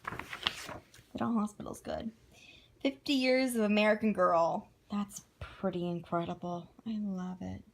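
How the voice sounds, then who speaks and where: Woman vlogger, casual and chatty, reads aloud and gushes with quick asides. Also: mid-range voice, steady tone, vocal fry, slight background noise. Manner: chatty and gushing, with frequent asides and self-corrections. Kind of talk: casual chat while reading aloud from a book.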